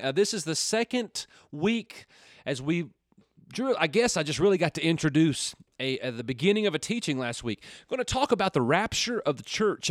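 A man's voice: on the high side, no room sound, clean studio sound. Earnest folksy male radio preacher. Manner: earnest, folksy, builds to fervent exclamations. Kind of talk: radio Bible teaching with prayer.

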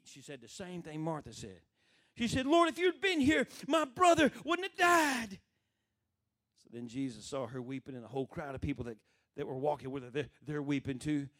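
A man's voice: mid-range voice, darkish tone. A man preaching a sermon in a conversational way, asking the congregation questions and acting out the voices he quotes.

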